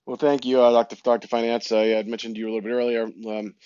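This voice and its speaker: A man's voice: mid-range voice, level tone, fast, mellow, clean tone, dry recording. A man who says he is sick, asking a guest a question in a friendly, hesitant way with lots of fillers. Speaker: audience member asking a question. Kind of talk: casual chat. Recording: dull, dry audio.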